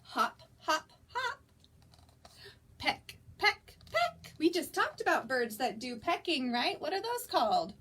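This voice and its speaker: High, sing-song woman reading to toddlers. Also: moderate pace, few pauses. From United States. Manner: sing-song, animated, coaxing children to join in. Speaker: children's librarian. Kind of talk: toddler story time reading aloud.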